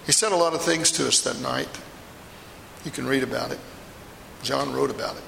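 In a first-person dramatic monologue, a man plays a remorseful apostle, a middle-aged fisherman, telling his story earnestly and with intense feeling that swells into anguished outbursts. His medium-pitched voice is creaky and a bit bright, at a moderate pace. The echoey hall adds long reverb, with slight background noise.

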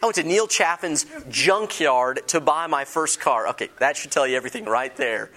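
A man delivering a sermon in a somewhat higher-than-usual voice. He moves from dramatic, hushed moments to lively, humorous storytelling and often asks his congregation questions. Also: normal speed. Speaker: pastor.

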